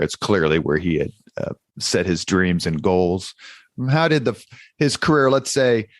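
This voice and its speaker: Male podcast host, low and even, close dry mic, curious questions. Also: no room sound.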